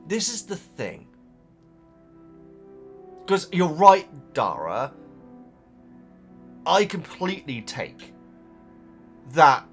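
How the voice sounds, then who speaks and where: A man's voice: on the high side, huge pitch swings, drawn-out words, long pauses, soft background music. A man who hosts, chatting casually as he reads out viewer comments, rambling, stopping himself and laughing often. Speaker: host reading viewer comments. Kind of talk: casual chat to camera.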